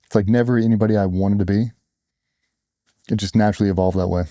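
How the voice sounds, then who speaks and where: A man's voice: lowish voice, steady tone, fast talker, warm tone, dry recording, clean studio sound. A middle-aged man, a former special operations operator, telling his story in blunt, earnest conversational speech as an interview guest. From United States. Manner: earnest, blunt, quotes others in raised voices.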